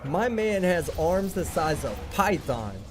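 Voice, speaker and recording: A man's voice: on the high side, big pitch swings, slow, over music. A man hosting a reaction video, delivering sarcastic commentary full of blunt, profane insults. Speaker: video host reacting to clips.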